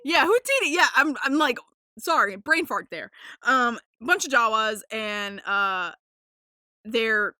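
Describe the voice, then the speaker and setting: A young woman hosting a casual podcast, rambling with lots of fillers, swearing freely and getting excited. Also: on the high side, takes it slowly, no echo, clean studio sound. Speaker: podcast host.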